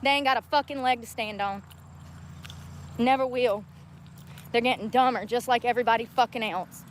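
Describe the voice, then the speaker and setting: A profane, combative woman vents on a phone livestream as she walks a town street. Her voice sits a touch high and sounds weary and sore. Faint traffic hums behind her. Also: normal speed. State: weary and in pain from walking. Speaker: homeless livestreamer. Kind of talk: angry livestream rant.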